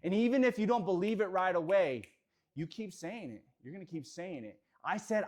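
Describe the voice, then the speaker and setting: Leading his real estate team through a motivational talk in an office, a man speaks high-pitched at normal speed. The energy swings between quiet reflection and shouted affirmations.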